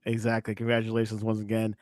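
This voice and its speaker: Smooth-voiced man hosting a sports podcast. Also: fairly low pitch, completely flat delivery, dry recording, studio quality. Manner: brisk, runs through scores and prompts his co-host. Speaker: podcast host. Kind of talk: casual sports podcast chat.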